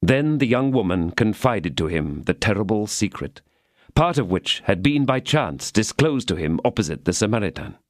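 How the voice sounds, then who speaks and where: A man narrating a classic novel as an audiobook, reading the prose in a measured, expressive way. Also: fairly low pitch, no echo, studio quality. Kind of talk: scripted narration.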